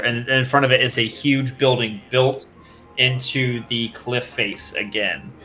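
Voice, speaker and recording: A man with a bright, forward voice runs a tabletop game as game master. He describes the scene in a loose, rambling way, often stopping to correct himself and start a sentence over. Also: mid-range voice.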